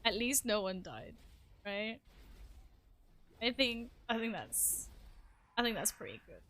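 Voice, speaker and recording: A young adult woman streaming a game live, reacting excitably, swearing and making fun of herself. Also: on the high side, takes it slowly, a little hiss or hum. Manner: excitable, swears, self-deprecating outbursts. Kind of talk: live gameplay commentary.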